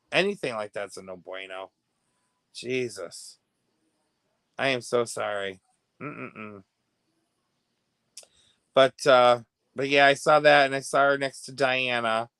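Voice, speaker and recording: An American man hosting a casual livestream, gossiping and reacting to viewer comments, laughing often and swinging between hushed asides and loud bursts. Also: mid-range voice, clean tone, dry recording. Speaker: livestream host.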